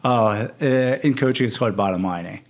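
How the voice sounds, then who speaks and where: Here a young male coach on a podcast talks in a fairly low, brisk voice. It's casual interview chat, candid and story-driven, with him performing the quotes he recounts.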